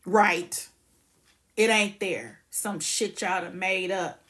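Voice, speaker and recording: A woman's voice: mid-range voice, slow pace, a bit bright. A woman hosting a casual livestream, ranting bluntly and profanely and greeting viewers by name. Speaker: livestream host.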